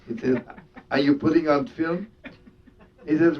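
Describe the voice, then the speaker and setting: A rabbi and storyteller delivers a story as a sermon, full of Yiddish words and laughter, in a steady tone at a measured pace. The recording is distant, dull, and lo-fi with a faint rumble.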